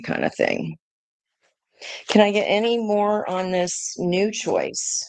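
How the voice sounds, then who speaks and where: A woman's voice: lowish voice, unhurried, darkish tone, no room sound. A woman doing a live tarot reading, thinking aloud in a chatty way, laughing often and swearing casually. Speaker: tarot reader.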